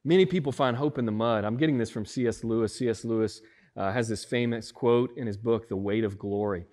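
A man preaching a sermon as pastor, with emphatic rises and drawn-out stressed words. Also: medium pitch, darkish tone.

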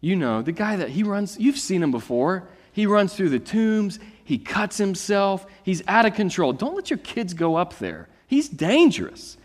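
A man preaching a sermon, reading scripture and then explaining it in a lively, conversational storytelling way. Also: sits high, normal speed, hardly any pauses, long reverb tail. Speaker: pastor.

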